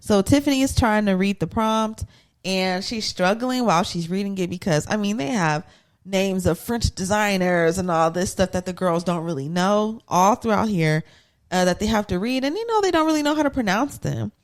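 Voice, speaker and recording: A podcast co-host recaps a reality show episode for her fellow hosts in an animated, medium-pitched voice at a moderate pace. She's loose and chatty, slips into playful voices for the people she quotes, and keeps things moving with asides.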